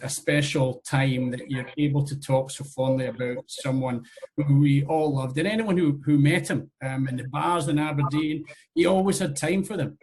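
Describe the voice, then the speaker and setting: A man's voice: mid-range voice, a little mellow, rough recording. Guy wrapping up a video call, lots of ums, slight hiss behind him. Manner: halting, with many fillers and restarts. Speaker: host. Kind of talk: closing remarks on a video call.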